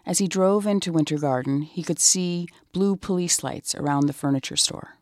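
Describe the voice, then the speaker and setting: A narrator telling a crime story in measured, scripted documentary style. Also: mid-range voice, dry recording, studio quality.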